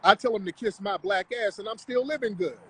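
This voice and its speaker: A man's voice: sits high, a little fast, bright, forceful tone, slightly rough, rough recording. A man hosting a livestream, talking in a confrontational, mocking, profane rant. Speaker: livestream host. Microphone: live stream mic.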